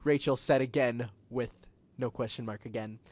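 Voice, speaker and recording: A man reads fan fiction aloud in a flat, deadpan narration with wry asides. He speaks into a call headset. The recording is dry and close. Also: medium pitch, moderate pace, dry recording. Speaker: host and reader. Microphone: headset for a video call.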